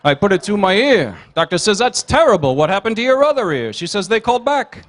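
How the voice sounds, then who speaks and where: A man working as comedian and emcee at a banquet, telling quick one-liners and teasing the audience. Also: high-pitched, big pitch swings. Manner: rapid one-liners with teasing crowd work. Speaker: comedian and emcee at a gala dinner. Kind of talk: stand-up joke routine. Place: banquet hall.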